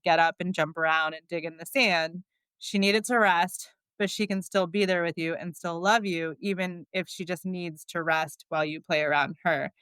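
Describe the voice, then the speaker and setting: A woman's voice: fairly low pitch, a bit bright, smooth, no room sound. A woman guest on a podcast, telling her story in a candid, chatty way, with many filler words and frequent laughs.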